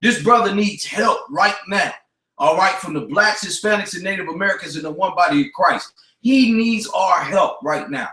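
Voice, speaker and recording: A high, bright-voiced man hosts a talk radio show, preaching with force and hammering each point with repetition. He mixes street slang with scripture. He sounds a little off the mic, in an echoey room. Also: normal speed, distant mic.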